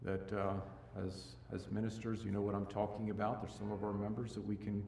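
A male preacher with a gravelly voice delivers a sermon in a church. He swings from loud, emphatic rises to quiet, low passages and often repeats himself as he restarts a thought. He is picked up from some distance in a roomy, echoing space. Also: little pitch movement, fairly quick, slight background noise. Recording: echoey room, mic at a distance.

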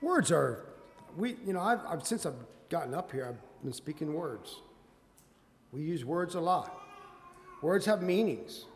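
A man preaching a sermon, quoting scripture in old-fashioned wording and building to loud, emphatic peaks. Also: on the high side, big pitch swings, measured pace, pauses often, a little hiss or hum. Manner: quotes scripture in King James wording. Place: church sanctuary. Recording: long hall reverb.

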